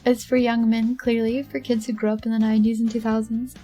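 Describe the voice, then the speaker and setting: Chatty female streamer, casual and rambling, pitched a bit high, soft music in the background. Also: level tone, fairly quick, muffled recording. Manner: chatty, rambling, many fillers and laughs. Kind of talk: casual chat with chat while drawing.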